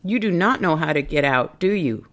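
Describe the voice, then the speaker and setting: A woman voicing a cheerful, boastful male duck in a storybook read-aloud, in a raised, bright voice. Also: low-pitched, animated, normal speed.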